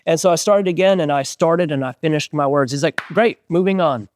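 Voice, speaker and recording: A man in his forties, a band singer, telling stories in an animated way as an interview guest and acting out the voices of people he quotes. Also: fairly high pitch, a little fast, no room sound, studio quality. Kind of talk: casual storytelling interview.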